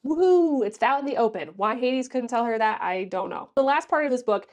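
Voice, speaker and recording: A woman's voice: on the high side, a little fast. A woman reviewing a book on her vlog, recapping the plot in a sassy, exasperated way and acting out the characters' lines. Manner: animated, acts out characters' lines.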